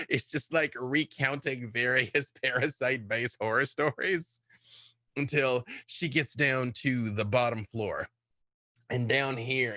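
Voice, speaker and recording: Bright-voiced game master narrating. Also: male voice, mid-range voice, dry recording. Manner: loose, rambling.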